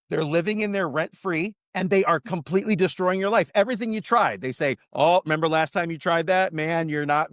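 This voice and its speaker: Mindset coach guy on a podcast, emphatic, slightly high voice, dry close sound. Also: no room sound. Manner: emphatic, animated motivational talk. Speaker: guest teaching mindset. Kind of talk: casual podcast interview.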